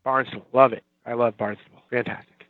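A man's voice: medium pitch, steady tone, brisk, no room sound. A chatty man in his forties from the Boston area, talking as a guest in a loose, rambling, self-mocking way. His voice is dry and close, but the sound is dull and muffled like a remote call. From Boston area, Watertown. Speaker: guest, TV writer. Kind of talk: casual interview chat.

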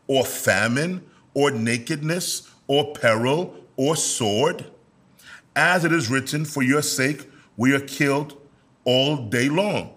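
A man of middle pitch preaches a sermon as pastor, drawing his listeners into call-and-response. He stretches out important words for weight and climbs into loud, high-pitched exhortation. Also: breathy edge. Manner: slows down to stress key words.

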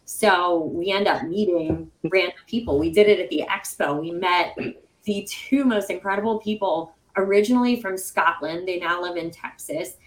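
A woman co-hosting a podcast, telling stories in a chatty, animated way. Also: on the low side, normal speed, rough recording. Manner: chatty, animated storytelling with laughs. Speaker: podcast co-host. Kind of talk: casual chat.

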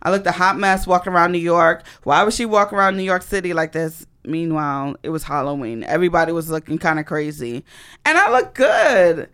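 A woman telling a personal story in a casual monologue, animated and blunt, with dramatic emphasis and swearing. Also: on the low side, a little fast, clean tone.

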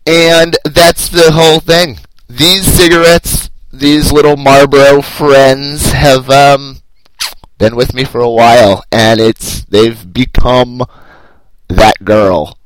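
A man's voice: mid-range voice, fairly even intonation, takes it slowly, slight background noise, poor audio. A man in his thirties hosting a solo podcast, rambling and self-deprecating with a wry sense of humor. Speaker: podcast host.

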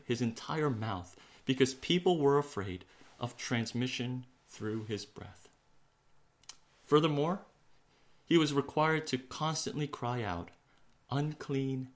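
A man preaching a sermon in an earnest way, slowing for emphasis and sinking to a hush on key words. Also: medium pitch. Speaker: pastor.

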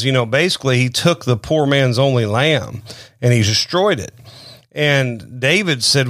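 A man's voice: medium pitch, fairly bright tone, no echo, studio quality. A man preaching an informal sermon in an earnest, conversational way, often stopping to restart his sentences with fillers.

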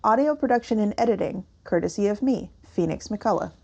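A woman's voice: medium pitch, animated, brisk, gravelly, a little mellow, husky, lo-fi sound. A woman co-hosting a podcast in casual chat, laughing often as she talks. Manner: giggly, breaks into laughter often. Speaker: podcast co-host.

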